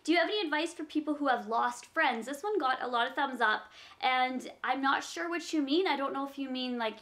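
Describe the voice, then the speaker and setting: A young woman with a high, light voice talks straight to her viewers in a casual question-and-answer vlog. She reads out each question, then answers it with earnest, practical advice. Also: a bit bright.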